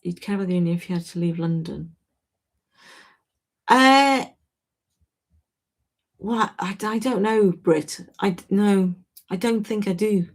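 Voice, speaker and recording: This livestream host from Wales has a husky, breathy, mid-range voice and speaks unhurriedly with long pauses. In a casual live chat she answers viewers by name, talking frankly and chattily while frequently breaking off and beginning again.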